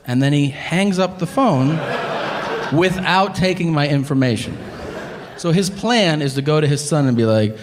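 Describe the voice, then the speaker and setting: A man's voice: fairly high pitch, expressive, moderate pace, noisy background. A man doing stand-up, telling a story in a profane, incredulous, exasperated way. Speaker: stand-up comedian. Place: live comedy venue. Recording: live hall reverb, faint room ambience.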